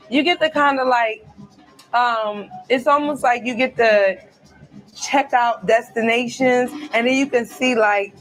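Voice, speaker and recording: A woman hosting a casual live stream from a cruise ship cabin, chatting loosely and talking straight to her viewers. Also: fairly high pitch. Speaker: live-stream host reading viewer comments.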